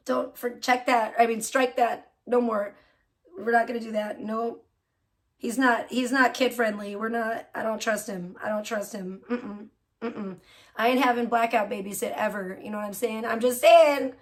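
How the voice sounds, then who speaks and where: A woman's voice: a little high, fairly even intonation, normal speed. A woman livestreaming, ranting casually with lots of swearing and laughter, mocking someone.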